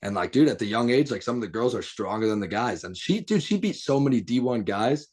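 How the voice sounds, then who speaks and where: A man's voice: mid-range voice, lively intonation, a little fast, a little mellow, husky. A young man telling rowdy, profane stories as a guest on a casual podcast, laughing as he goes. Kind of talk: casual storytelling chat.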